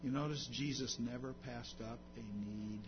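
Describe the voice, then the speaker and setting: Man preaching, rising and falling in force. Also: moderate pace. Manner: swings from loud emphatic preaching to low intimate storytelling. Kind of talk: sermon. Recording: dull lo-fi recording with background hum.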